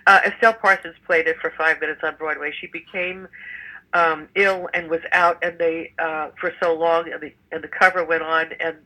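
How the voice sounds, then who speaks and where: A woman's voice: sits low, little pitch movement, normal speed, pushed and bright, rough recording. An older woman, a stage actress, chatting in an interview with many fillers and restarts. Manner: chatty, rambling with frequent fillers. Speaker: musical theater actress, guest. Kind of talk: casual interview chat.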